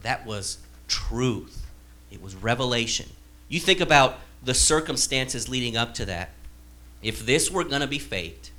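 A man's voice: mid-range voice, sharp tone. A male pastor giving a conversational sermon, acting out quoted dialogue with a sarcastic edge.

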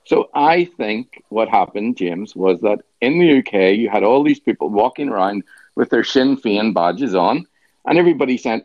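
Deadpan Northern Irish man, dry sound. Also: medium pitch, normal speed, no room sound. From Northern Ireland. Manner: sardonic, deadpan joking. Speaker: podcast host. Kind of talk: casual chat. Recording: dry, slightly dull sound.

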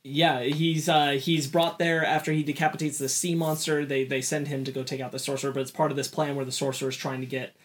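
Podcast guy talking comics w/ friends, kinda high voice, does little voices. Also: level tone, brisk, few pauses. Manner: acts out comic scenes in funny voices. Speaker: podcast co-host. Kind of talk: casual book club chat.

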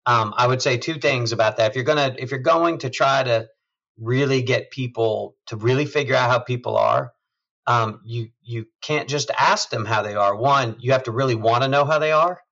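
A man, a chief executive, talking in a measured, thoughtful way in a conversational interview, often trailing off softly. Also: medium pitch, dull audio. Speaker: hospital system CEO, guest.

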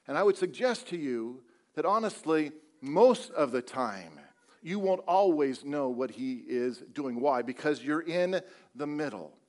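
A man preaching a sermon in a slightly high voice. He keeps it conversational and leans on rhetorical questions. He stretches out the words he wants to stress, then picks the pace back up. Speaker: pastor.

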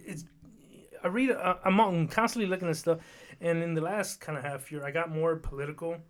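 Rambling, lively man in casual chat. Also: on the high side, a little fast. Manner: rambling, lively, with fillers and restarts. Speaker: podcast co-host.

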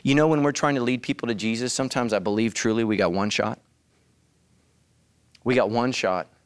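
A man preaching a sermon as the pastor, animated and bursting into loud shouts. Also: medium pitch, brisk, clean tone, no room sound. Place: church.

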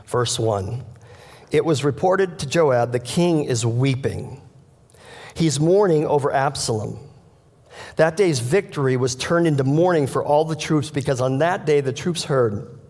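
A male pastor delivers a sermon at an ordinary middle pitch. He tells the scripture story earnestly and speaks straight to the congregation. His voice rings out with the long reverb of a church sanctuary. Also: a little mellow.

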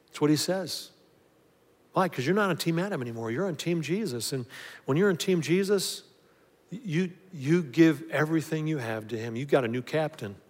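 A man preaching a sermon, building up emphasis and then dropping softly into prayer. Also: a little high, big-room sound. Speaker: pastor.

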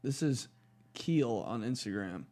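A man's voice: mid-range voice, expressive, unhurried, warm tone. A man hosting a podcast in a joking casual chat, laughing often, with a congested nose. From Indiana. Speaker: podcast host.

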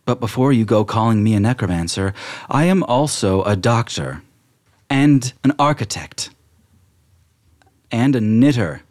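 A man voicing a prim, proper female gnome archivist in her fifties, who speaks in a formal, measured way. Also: medium pitch, lively intonation, darkish tone, lightly acted.

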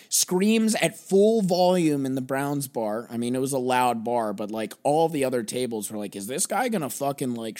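A man's voice: mid-range voice, darkish tone. A young man hosting a solo sports podcast, rambling and sarcastic, swearing freely as he runs through football games. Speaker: podcast host.

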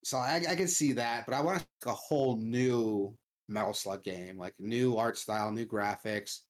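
A man's voice: lowish voice, normal speed. Male co-host, loose profane rant, casual gaming talk. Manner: loose, profane ranting with lots of "like". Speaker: podcast co-host.

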